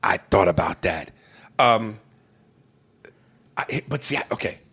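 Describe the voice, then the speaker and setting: A man co-hosting a podcast, reading a listener email and joking in casual comedic chat, laughing often and breaking into loud bursts. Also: lowish voice, expressive, slow, breathy edge. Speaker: podcast co-host.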